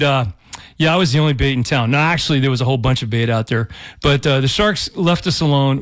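Male community radio host, slightly high voice, rambling and jokey. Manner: rambling, jokey, with restarts and laughs. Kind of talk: casual radio chat. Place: radio studio.

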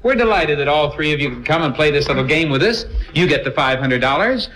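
A man's voice: fairly high pitch, animated, quick pace, pushed and bright, poor audio. A man hosting an old radio game show, jovial and chatty with frequent fillers.

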